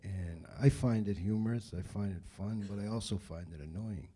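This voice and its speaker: A man answering audience questions about directing in a relaxed, rambling way. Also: fairly low pitch, moderate pace, noisy background. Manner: relaxed, rambling, frequent fillers. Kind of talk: casual panel Q&A talk.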